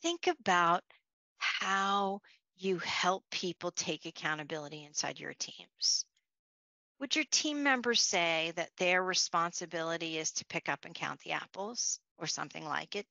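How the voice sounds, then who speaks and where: Casting: woman leadership speaker, lowish gravelly voice with a bright edge, conversational storyteller, dry muffled recording. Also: no room sound. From Long Island, New York. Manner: conversational, restarts, storytelling asides. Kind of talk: leadership talk.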